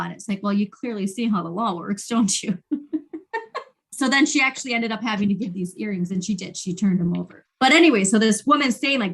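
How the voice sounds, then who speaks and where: A woman's voice: medium pitch, fairly quick. A woman co-hosting a podcast in casual chat, telling stories and acting out quotes with animation. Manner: animated storytelling, acts out quotes. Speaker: podcast co-host.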